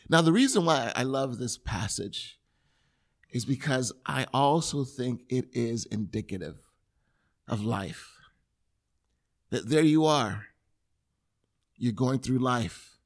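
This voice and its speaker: A man's voice: medium pitch, expressive, takes it slowly, pauses often. A man preaching a sermon, retelling a scripture story with earnest, vivid storytelling and acting out the scene. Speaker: pastor.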